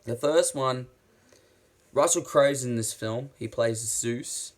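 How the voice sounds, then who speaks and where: Excitable man rambling through a review. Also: medium pitch, slow. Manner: excitable, swears freely, rambling with restarts. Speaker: movie reviewer. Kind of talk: casual spoken movie review.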